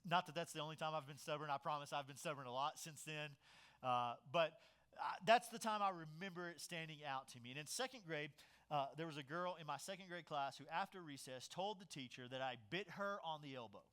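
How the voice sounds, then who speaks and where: A man preaching a sermon, telling stories with lively swings between loud emphasis and quiet asides. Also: a little high, fairly quick, smooth. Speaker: pastor.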